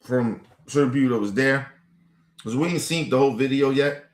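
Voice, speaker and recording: A man's voice: mid-range voice, normal speed, echoey room. A man giving heated, profane commentary as a streaming host, repeating points with rising exasperation. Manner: profane, animated, repetitive.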